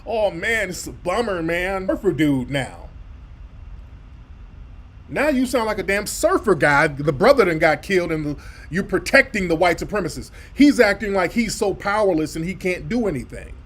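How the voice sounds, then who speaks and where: A man's voice: high voice, big pitch swings, moderate pace, fairly bright tone, husky. A man hosting a radio commentary show, reacting to clips in a blunt, profane, mocking way. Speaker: radio host. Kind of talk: commentary over played clips.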